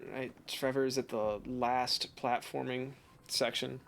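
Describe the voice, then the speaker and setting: A man's voice: mid-range voice, level tone, slow, creaky, a little hiss or hum. A man co-commentating a speedrun in a chatty, teasing, enthusiastic way. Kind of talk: casual game commentary.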